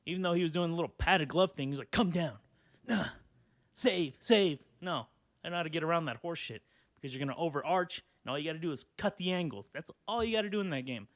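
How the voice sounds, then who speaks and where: A man's voice: fairly high pitch, lively intonation, very fast, dry recording. Rambling, profane young man on a podcast. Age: 20s. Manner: rambling, profane, laughs often. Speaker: podcast host. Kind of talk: casual solo podcast rant.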